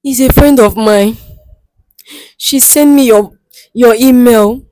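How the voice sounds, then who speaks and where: A woman's voice: fairly high pitch, slow, warm tone, dry recording, poor audio. A woman acting a distraught young woman in a comedy skit, crying and pleading for help, repeating herself. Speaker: guest seeking help. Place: studio.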